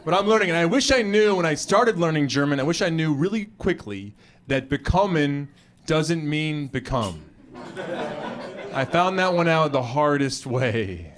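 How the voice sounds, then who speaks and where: American man doing animated stand-up. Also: on the high side, normal speed, crowd noise. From United States. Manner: animated, acts out voices of others. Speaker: stand-up comedian. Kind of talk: stand-up comedy. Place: comedy club stage before a live audience.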